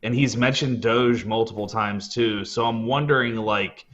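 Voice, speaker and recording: A man co-hosting a casual roundtable chat, talking haltingly with many ums and uhs. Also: mid-range voice, fairly bright tone, highs cut off. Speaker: podcast co-host.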